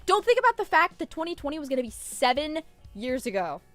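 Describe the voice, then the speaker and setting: A woman's voice: high voice, big pitch swings, quick pace, soft background music. A woman streamer rambling in casual live-stream chat, irreverent and swearing freely.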